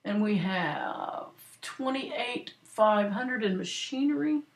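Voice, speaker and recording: Patiently guiding students through a worked exercise, a woman gives a screen-recorded accounting lecture in a mid-range, expressive voice. She slows down for note-takers and frequently checks understanding with "right?" and "okay?".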